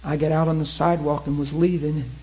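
A man preaching a sermon, telling a story with lively acted-out quotes. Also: a little high, fast talker. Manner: animated, acts out quoted voices. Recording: muffled lo-fi sermon recording.

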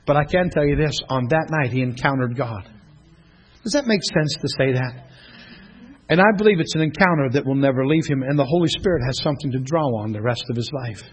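A middle-aged man, a pastor teaching a class in a church room, telling stories in an animated way and often laughing. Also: medium pitch, fairly quick, breathy edge. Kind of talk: preaching to a class. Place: church classroom, streamed online.

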